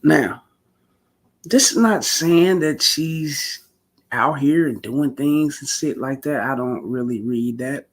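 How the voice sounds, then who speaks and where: A man's voice: medium pitch, slow pace. A man ranting casually on his vlog, blunt and profane, full of slang and repetition. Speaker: commentary vlogger. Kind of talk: casual commentary rant.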